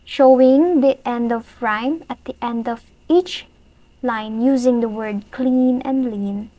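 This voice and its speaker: Woman presenter, slow and careful, reading a prepared lesson; dry close mic. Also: on the high side, mellow, dry recording, low-quality recording.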